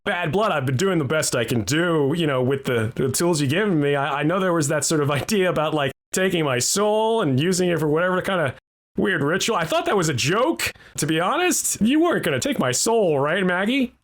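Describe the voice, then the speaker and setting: A man voicing a male mechanic who pitches his wares like a tour guide and a used car salesman, with a hustling, nervous patter. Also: lively intonation, brisk, close to an everyday voice.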